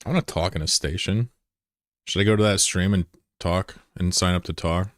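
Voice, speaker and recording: A man with a low voice streams a game and chats casually with his viewers. He is laid-back and profane, and he drags his words out slowly when he admires something. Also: fairly even intonation, no room sound, studio quality. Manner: laid-back, profane, answers chat aloud. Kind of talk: casual livestream chat.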